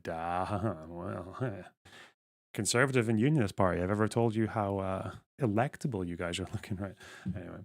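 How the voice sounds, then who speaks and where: A man's voice: deep voice, moderate pace, gravelly, no room sound, clean studio sound. Profane, sarcastic male streamer. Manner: profane, sarcastic, reads text aloud and comments. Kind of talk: casual live-stream commentary.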